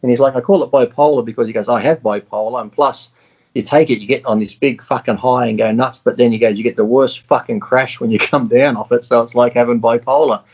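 A man's voice: medium pitch, steady tone, quick pace, darkish tone, breathy edge. A man in casual chat, blunt and profane, telling stories with animation. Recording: dull lo-fi sound.

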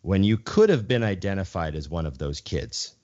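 Deep-voiced man, teasing co-host. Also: expressive, moderate pace, a little mellow. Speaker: podcast co-host. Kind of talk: casual chat. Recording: dull lo-fi sound.

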